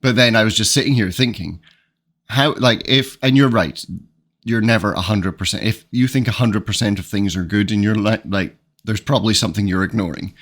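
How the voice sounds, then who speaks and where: A man co-hosting a podcast, talking casually and thoughtfully with pauses. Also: fairly low pitch, fairly bright tone. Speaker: podcast co-host. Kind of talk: casual conversation.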